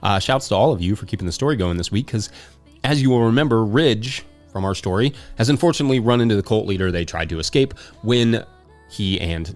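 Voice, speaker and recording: A man hosting a farming podcast, talking casually with rambling, joking asides. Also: fairly low pitch. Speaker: podcast host.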